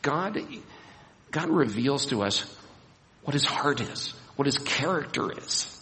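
A man preaching a Bible sermon, animated, acting out scenes and raising his voice for emphasis. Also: mid-range voice, slow. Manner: animated, acts out scenes with rising voice. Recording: long hall reverb.

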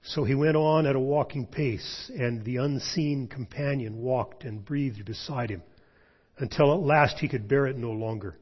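A pastor reading a storybook aloud in a measured, earnest voice, then leading a prayer. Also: male voice, medium pitch, breathy edge. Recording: dull lo-fi sound.

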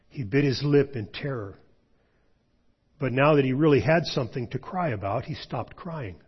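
Husky man reading aloud to a congregation. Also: mid-range voice. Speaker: pastor. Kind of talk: storybook reading then prayer. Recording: dull lo-fi sound.

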